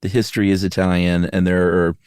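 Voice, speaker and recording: Here a man with a deep, darkish, clear and resonant voice talks fast in a flat delivery. He's co-hosting a podcast in easygoing, joking conversation and hums small made-up songs. The sound is clean studio audio without any room sound.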